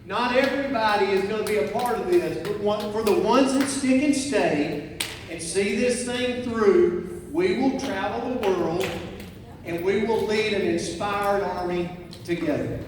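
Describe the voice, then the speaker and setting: A man's voice: sits high, measured pace. A man giving a fervent motivational stage speech at a company conference, rallying the crowd. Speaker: keynote speaker at a company conference. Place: large conference hall on stage. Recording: echoey hall, far from the mic, with crowd. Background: crowd noise.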